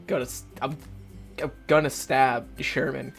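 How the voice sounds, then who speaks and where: A man's voice: medium pitch, expressive, moderate pace, a bit bright, faint music behind. Rambling, swearing gaming host, a man. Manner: rambling, profane, self-mocking. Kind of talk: casual let's play commentary.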